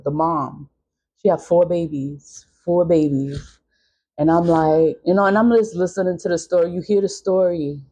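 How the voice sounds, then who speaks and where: A woman's voice: lowish voice, mellow. A middle-aged woman vlogger in a casual venting monologue, emphatic and repeating her points.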